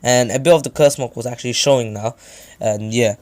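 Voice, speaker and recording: A man's voice: medium pitch, fairly quick, darkish tone. A man casually recapping a fan-made story, rambling with many fillers and self-corrections.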